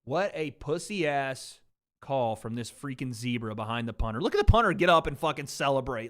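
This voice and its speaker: A man's voice: medium pitch, lively intonation, normal speed, a bit bright. A man hosting a livestream watch party, riffing on chat in blunt, profane casual commentary. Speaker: livestream host.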